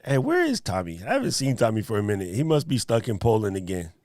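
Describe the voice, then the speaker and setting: A man's voice: fairly low pitch, huge pitch swings, fast, a little mellow, no echo. Man hosting a live stream, joking, dry recording. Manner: joking, playful banter with chat. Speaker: livestream host. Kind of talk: casual livestream chat.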